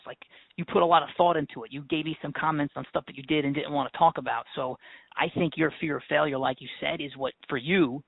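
A man's voice: a little high, vocal fry, dry recording, phone-quality sound. A man hosting a podcast in casual conversation, talking emphatically like a coach. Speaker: podcast host.

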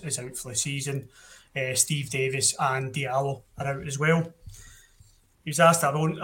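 A man's voice: mid-range voice, a bit bright. Blunt Scottish man chatting football. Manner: blunt and opinionated, frequent restarts. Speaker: podcast host. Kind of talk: casual football podcast chat.

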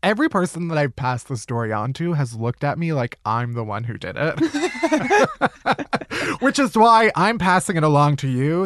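A man's voice: on the high side, no echo, studio quality. A man hosting a podcast, telling a story in a casual, comedic way, swearing freely and laughing as he goes. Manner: animated, profane, laughs while telling. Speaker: podcast host.

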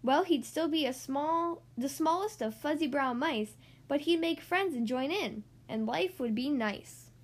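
A woman reading a rhyming children's picture book aloud in an expressive, sing-song way. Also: sits high, unhurried. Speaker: podcast host reading children's books.

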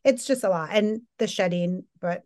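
A woman's voice: mid-range voice, normal speed. Easygoing woman podcast co-host. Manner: warm, sympathetic, easygoing. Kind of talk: casual chat.

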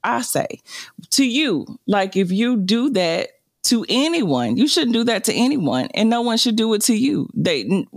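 Woman in a relaxed podcast chat. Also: fairly high pitch, unhurried, vocal fry, no room sound, clean studio sound. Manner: thoughtful, self-correcting. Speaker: podcast co-host. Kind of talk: casual discussion.

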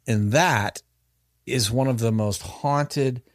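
A man's voice: medium pitch, slow pace, no echo, clean studio sound. A man hosting a podcast, telling a story in casual chat. He rambles, restarts often and uses many fillers.

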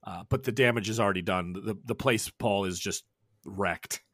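A man narrates as game master in a loose, halting way with plenty of fillers. His voice sits lowish and sounds dry and close. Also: fairly bright tone, dry recording.

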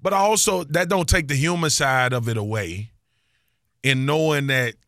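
A man co-hosting a podcast, talking casual sports in an animated, joking, slangy way. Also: medium pitch, normal speed, no room sound, studio quality. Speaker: podcast co-host.

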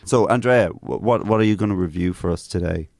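Deep gravelly man, dry quips. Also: a little fast, darkish tone, no echo. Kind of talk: casual chat.

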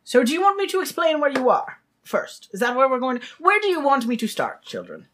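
A woman's voice: high-pitched, wildly swooping pitch, a little fast, fairly bright tone, slight background noise, voice pushed up, heavily acted. A woman voicing a pompous, fussy male doctor who talks down to others in a tabletop game. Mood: condescending. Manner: condescending, calls others dear boy and child. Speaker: game master voicing a character.

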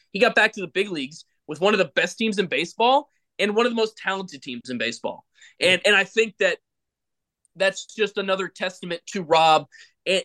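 A man's voice: sits high, a bit bright. A man hosting a podcast, speaking emphatically and with feeling in a rambling, casual chat. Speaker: podcast host, former ballplayer.

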